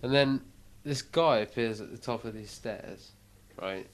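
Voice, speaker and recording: A man guesting on a chat show, reacting quickly and retelling videos with excitement. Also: medium pitch. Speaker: comedian guest. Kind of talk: casual chat.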